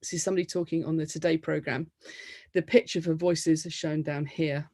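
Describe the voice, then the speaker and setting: A woman from the United Kingdom giving an academic lecture, explaining things in a lively way. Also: low-pitched, a little fast, dry recording.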